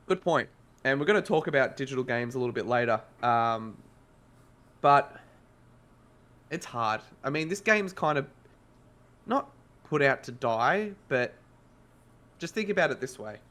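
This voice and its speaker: Chatting on a podcast, an Australian man works through a game review, wandering off track and fixing his sentences as he goes. His slightly bright, middle-pitched voice is expressive, with a measured pace and long pauses.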